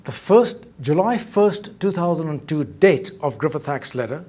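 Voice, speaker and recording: Guy with a slightly high voice laying out accusations at a press conference, keeps repeating himself for emphasis. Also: expressive, normal speed, mellow. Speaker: inventor speaking at a press conference.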